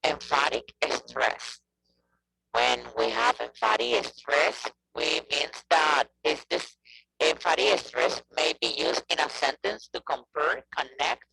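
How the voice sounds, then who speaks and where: Gravelly, sharp-toned man teaching a class. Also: fairly high pitch, rough recording. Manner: checks in with frequent "okay?". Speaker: English teacher. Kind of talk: online class lesson. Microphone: video call.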